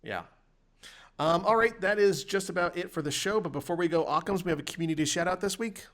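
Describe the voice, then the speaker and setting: A man's voice: high voice, fairly quick, a bit bright. A man hosting a podcast, chatting casually with dry, wry humor and wrapping up the show. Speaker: podcast host. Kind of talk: casual chat.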